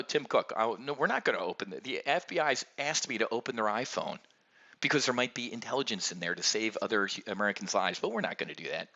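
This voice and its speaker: A man's voice: medium pitch, dull audio. Ranting blunt male market commentator. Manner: animated, blunt, ranting, sarcastic. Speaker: options trading market commentator.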